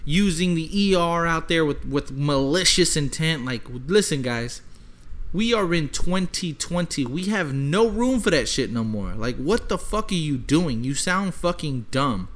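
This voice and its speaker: High-voiced guy ranting, swears a ton, says like constantly. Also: lively intonation, a little slow. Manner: emphatic, heavy swearing, many "like" fillers. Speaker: podcast co-host. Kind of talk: casual chat.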